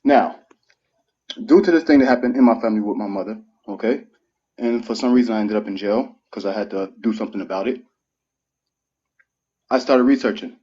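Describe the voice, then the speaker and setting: A man's voice: on the low side, a little fast, long pauses, warm tone. A man of thirty speaking earnestly and with feeling, his voice rising as he pleads his case. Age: 30s. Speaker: guest speaker on a live stream. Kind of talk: emotional live-stream monologue. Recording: muffled live-stream audio.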